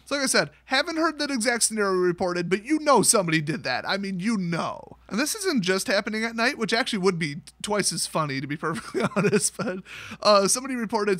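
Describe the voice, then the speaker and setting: Sarcastic high-voiced man ranting. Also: bright, forceful tone, dry recording. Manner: sarcastic, laughs often, acts out quotes. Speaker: host. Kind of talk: comedic news rant.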